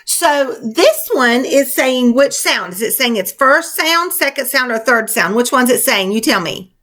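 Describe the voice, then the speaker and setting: This female teacher has a high voice with lively intonation and a bit of brightness. She runs a spelling lesson for young kids, spelling out words letter by letter, slowly, clearly, and with encouragement.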